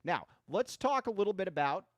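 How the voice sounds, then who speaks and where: Animated male sports talk host. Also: sits high, brisk. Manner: animated, chatty, self-deprecating. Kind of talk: live sports talk stream.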